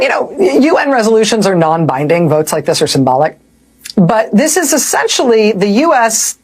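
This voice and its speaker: A woman's voice: mid-range voice, breathy edge. A woman hosting a news show, giving sardonic, incredulous commentary.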